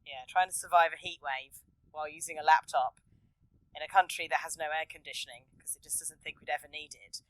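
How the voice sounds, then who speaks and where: A woman hosting a podcast, chatting casually and acting out characters' lines with excitement. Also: brisk, dry recording, rough recording. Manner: animated, acts out characters' lines in a high excited voice. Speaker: podcast host. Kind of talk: casual podcast chat recapping an anime.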